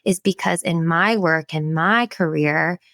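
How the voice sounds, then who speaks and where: This is a woman in her thirties, hosting a podcast in a relaxed, chatty way. She has a low voice with a gravelly edge, and she tells her stories with a lot of enthusiasm. The sound is dry and close. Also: a little slow, dry recording. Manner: enthusiastic, animated storytelling. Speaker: podcast host. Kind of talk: casual interview chat.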